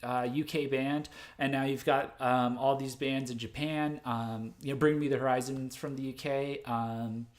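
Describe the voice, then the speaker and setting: Brief: man from the States, livestream host, mid-pitched, loose and rambling, corrects himself on the fly. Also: steady tone, normal speed, few pauses. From United States. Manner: rambling, full of fillers and self-corrections; laughs at his own mistakes. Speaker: host of a music news livestream. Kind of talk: unscripted livestream commentary.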